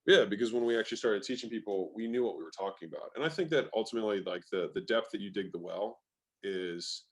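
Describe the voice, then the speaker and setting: Male interview guest, lowish voice, emphatic and casual, drops the odd swear word. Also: expressive, quick pace. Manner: emphatic, swears, many "like" fillers. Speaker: guest, sales expert.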